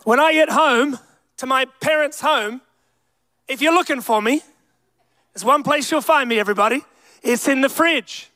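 A man's voice: extremely high pitch, normal speed, long pauses, bright, forceful tone, no room sound. A young man preaching a sermon with emphatic delivery, calling out to the congregation. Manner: emphatic preaching with crowd call-outs. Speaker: pastor.

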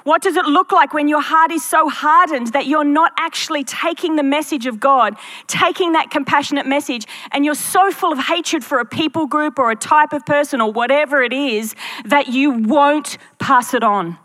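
A woman's voice: sits high, normal speed, a bit bright. A woman pastor preaching a sermon to her church, earnest and full of rhetorical questions to the congregation.

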